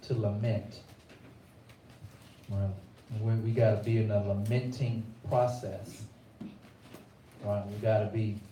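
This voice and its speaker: A man's voice: mid-range voice, mellow, reverberant, distant mic, a little hiss or hum, low-quality recording. A man preaching a sermon in a rhythmic, colloquial way, repeating phrases as he builds his points.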